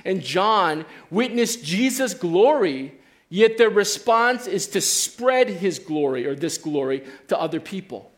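A middle-aged man preaching a sermon as pastor. He tells stories in an animated way and often checks in with the crowd by asking "okay?". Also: high voice. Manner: animated storytelling with frequent "okay?" check-ins. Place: church sanctuary.

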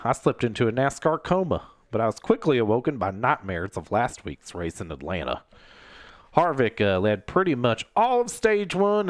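A man's voice: mid-range voice, dry recording, studio quality, close to an everyday voice. A man doing a jokey impression of a middle-aged male racing commentator, rambling through a race recap.

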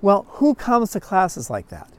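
A man teaching a Bible class, telling stories in a folksy, animated way with frequent chuckles. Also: high voice, measured pace. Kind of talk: storytelling Bible lesson.

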